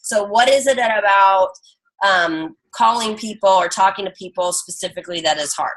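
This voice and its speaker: A woman's voice: medium pitch, normal speed, fairly bright tone, poor audio. A woman hosting a coaching team call in a casual, chatty and encouraging way, teasing participants as she calls on them.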